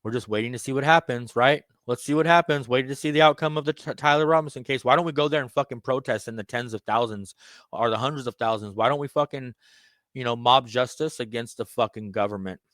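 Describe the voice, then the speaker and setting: A man delivering a profane, rambling, conspiratorial monologue, swinging between loud outbursts and muttered asides. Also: medium pitch, quick pace, no echo, studio quality. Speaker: self-styled candidate addressing viewers. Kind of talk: ranting monologue.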